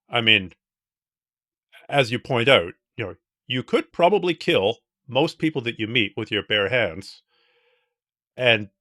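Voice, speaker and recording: A man hosting a podcast, talking through hypotheticals in an animated, casual way. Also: mid-range voice, no echo, studio quality. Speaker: podcast host. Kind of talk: casual interview talk.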